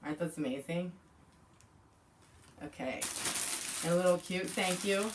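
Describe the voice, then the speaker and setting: A woman's voice: medium pitch, animated, a little slow, pauses often, distant mic, a little hiss or hum. A woman in her forties chatting casually while unboxing, gushing and exclaiming often. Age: 40s. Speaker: vlogger.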